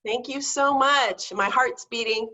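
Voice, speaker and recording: A middle-aged woman speaking over a video call as a guest speaker, excited, emotional and earnest as she shares her story. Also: a little high, measured pace, poor audio. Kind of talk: motivational personal talk.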